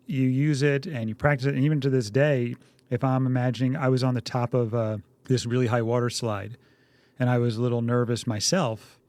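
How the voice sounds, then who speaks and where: A man co-hosting a parenting podcast, telling lively family stories and acting out shouted quotes. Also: mid-range voice, dry recording. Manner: lively storyteller, acts out yelling quotes. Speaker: podcast co-host. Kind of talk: casual conversational podcast.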